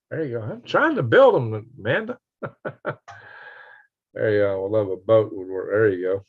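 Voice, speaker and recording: A man's voice: lowish voice, expressive, moderate pace, vocal fry, long pauses. A man hosting a casual live stream, reading viewer comments aloud with a folksy, chuckling manner. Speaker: livestream host reading chat. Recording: dull lo-fi stream audio.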